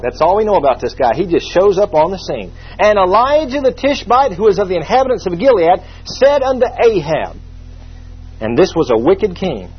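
A man's voice: on the high side, husky. A man preaching a sermon, teaching from the Bible in a folksy, humorous way with asides. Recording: muffled lo-fi sermon recording.

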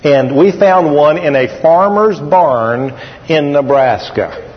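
A man's voice: on the high side, slow. A middle-aged man preaching a folksy sermon. He tells a story, repeats phrases and calls on the congregation to answer. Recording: dull echoey hall recording.

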